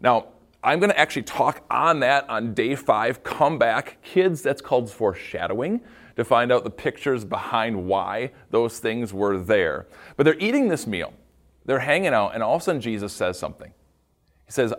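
A man's voice: medium pitch, big pitch swings, normal speed. A middle-aged man, a school pastor, gives a devotional talk to students and acts out the quotes as he tells the story.

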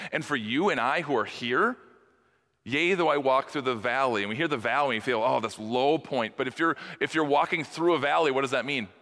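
Preaching man with bright, hall-echoing voice. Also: mid-range voice. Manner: earnest preaching, swings between soft and emphatic. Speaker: pastor. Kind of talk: sermon. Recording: long hall reverb.

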